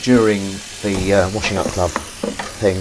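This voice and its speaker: A man hosts a live stream from his home kitchen, washing up while chatting casually and rambling to viewers, correcting himself and tossing out chatty asides. His voice sits low, steady, and unhurried, and loud sink and kitchen noise runs through the recording.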